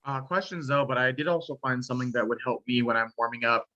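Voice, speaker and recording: A man's voice: medium pitch, little pitch movement, fast talker, pushed and bright, muffled recording. A male student sharing his experience in class, hesitant and restarting often. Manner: hesitant, many restarts and fillers. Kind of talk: class discussion.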